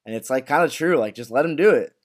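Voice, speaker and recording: A man's voice: mid-range voice, expressive, fast talker. A man co-hosting a podcast, chatting casually in loose sentences full of "like" and restarts. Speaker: podcast co-host. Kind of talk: casual recap chat.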